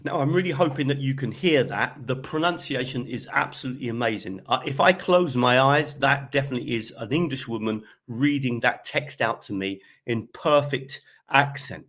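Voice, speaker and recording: A man's voice: medium pitch, normal speed, hardly any pauses, a bit bright. A man giving an online teaching presentation while sharing his screen, chatty and often checking in with "okay?". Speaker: teacher trainer presenting a webinar.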